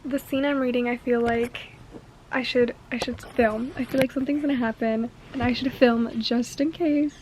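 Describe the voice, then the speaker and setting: A young woman chatting casually in a reading vlog, excitable, gasping and swearing as she reacts. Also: fairly high pitch, moderate pace, a little hiss or hum. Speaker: book vlogger.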